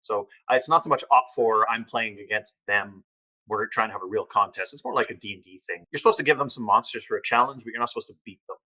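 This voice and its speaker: A man's voice: lowish voice, quick pace, pushed and bright, poor audio. A man who is a guest on a podcast, talking candidly and at length in casual chat.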